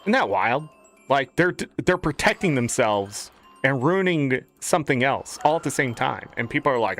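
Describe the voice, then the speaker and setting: A man's voice: medium pitch, sing-song, normal speed, fairly bright tone, soft background music. A man streaming a game, ranting in a profane, exasperated way.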